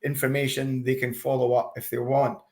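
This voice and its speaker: A man talking as an interview guest, chatty and lively when he recounts how people reacted, with frequent restarts. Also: medium pitch, fairly quick. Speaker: interview guest, expat campaigner. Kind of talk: casual interview chat. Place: lives in Australia.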